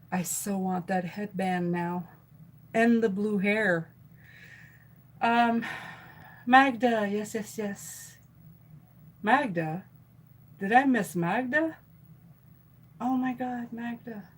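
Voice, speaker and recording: This tarot reader, a middle-aged woman with a medium-pitched voice, chats casually on a live stream and reads out viewer comments, filling pauses and restarting sentences. The recording is rough.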